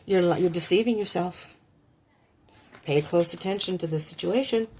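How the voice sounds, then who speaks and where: A lower-pitched woman reads tarot cards in a loose, rambling way and often drifts into talking to herself. She sounds emotional and chatty. A faint hiss sits behind her voice. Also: moderate pace, darkish tone. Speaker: tarot reader. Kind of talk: casual tarot reading.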